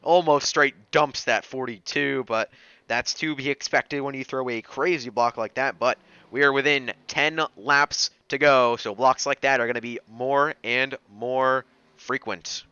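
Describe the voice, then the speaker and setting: A male sim racing commentator giving steady, analytical race calls. His voice is bright, crisp and resonant. It is recorded on a dry, slightly dull lo-fi mic. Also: medium pitch, a little slow, dry recording.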